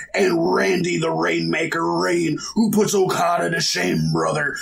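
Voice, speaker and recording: A man impersonating a swaggering male pro wrestler cutting a loud promo, with a gravelly voice and drawn-out shouting. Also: high-pitched, full character voice. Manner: bellowing, drawn-out hype shouting.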